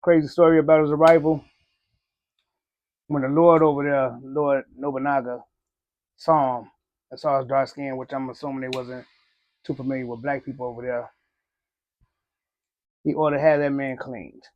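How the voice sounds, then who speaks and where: A man's voice: medium pitch, little pitch movement, normal speed, long pauses, highs cut off. A man giving a laid-back, conversational cigar review, often saying "you know". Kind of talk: casual review talk.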